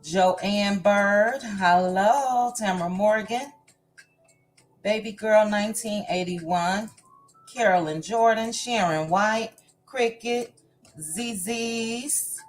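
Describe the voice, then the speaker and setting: Hosting a livestream, a woman with a medium-pitched voice slowly greets viewers by name, one after another. Her warm, chatty run of hellos has faint music playing behind it.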